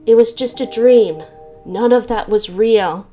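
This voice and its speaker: A woman voicing a gentle male AI boyfriend from a phone app in a visual-novel game, speaking in a soothing, cheery, reassuring way. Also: on the high side, unhurried, soft background music, natural voice.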